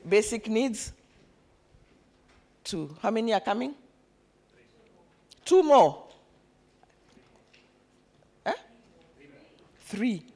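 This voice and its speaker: A woman with a slightly high voice speaks very slowly, pausing often, while coaching an animated summit session in a conference room. She has the audience repeat words after her and counts attendees during this live event.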